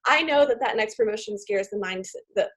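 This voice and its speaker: A woman giving an emotional, excitable motivational talk to her sales team over a video call. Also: mid-range voice, a little fast. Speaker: team leader.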